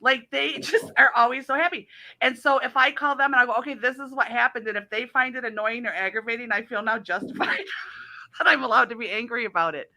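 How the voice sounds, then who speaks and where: A middle-aged woman hosting a casual talk show, telling animated stories and laughing often. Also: a little high, brisk. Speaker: host. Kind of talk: casual chat.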